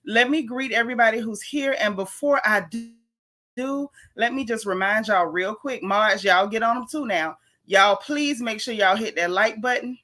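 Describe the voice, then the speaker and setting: A woman from Florida, hosting a casual livestream and talking fast and sassily to her viewers. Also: fairly high pitch, pushed and bright. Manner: fast, sassy, talks straight to viewers. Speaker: livestream host.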